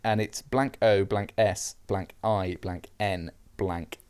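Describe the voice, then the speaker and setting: A man's voice: lowish voice, steady tone, takes it slowly, a little mellow, clear, resonant tone. A man co-hosting a podcast, chatting casually and playfully as he works through a crossword, laughing often. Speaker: podcast co-host. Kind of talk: casual chat solving a crossword.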